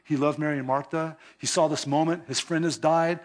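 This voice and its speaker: Male pastor, high voice, lively conversational sermon delivery, easy chuckles. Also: brisk. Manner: animated, conversational preaching with chuckles.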